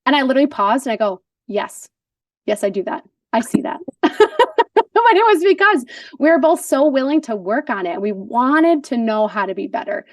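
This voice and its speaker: Woman in her forties, chatty guest, upbeat with a slightly raised pitch, often laughing. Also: normal speed, dry recording, clean studio sound, distant mic. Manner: animated storyteller, laughs often. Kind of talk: casual conversation.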